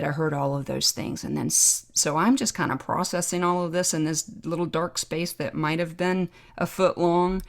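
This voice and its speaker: A middle-aged woman hosting a podcast, telling a personal story in a reflective, emotional way with pauses. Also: sits low, vocal fry. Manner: reflective, emotional, pausing to remember. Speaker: podcast host, trauma doctor.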